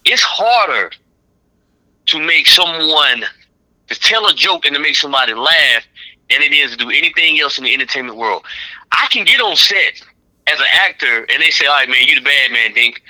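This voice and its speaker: A man's voice: on the high side, moderate pace, low-quality recording. A middle-aged man, a comedian, chatting casually on a podcast and acting out voices from his stories. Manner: animated, acts out crowd and director voices.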